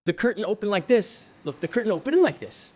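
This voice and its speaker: A man from Brazil doing stand-up, telling a story in an animated way, exclaiming and swearing. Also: high-pitched, fast. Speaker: stand-up comedian.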